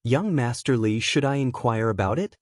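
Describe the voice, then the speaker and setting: A man's voice: medium pitch, expressive, moderate pace, darkish tone, no echo, close to an everyday voice. A man reading the lines of a humble, respectful male subordinate on the phone, in an audiobook. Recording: dry close-miked studio sound.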